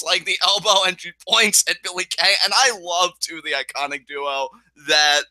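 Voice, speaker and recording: Excitable, bright-voiced young man. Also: sits high, normal speed, few pauses, dry recording, rough recording. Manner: excitable, swears freely, bursts into shouts. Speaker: podcast co-host. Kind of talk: casual wrestling review chat.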